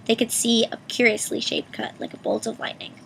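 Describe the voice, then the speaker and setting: A woman's voice: on the high side, sing-song, brisk, creaky, fairly bright tone, low-quality recording. A woman reading a storybook aloud expressively, voicing each character herself, over a faint hiss. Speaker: reader. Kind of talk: audiobook reading with character voices.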